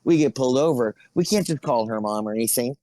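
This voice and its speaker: A man's voice: medium pitch, fast, mellow, no echo, low-quality recording. A man, an actor as podcast guest, telling stories in casual chat with frequent chuckles. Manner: laid-back storytelling, chuckles often.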